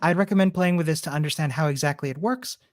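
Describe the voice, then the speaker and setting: A woman's voice: low voice, fast talker, darkish tone, no echo. A woman patiently explaining code step by step in a live lesson. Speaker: coding instructor.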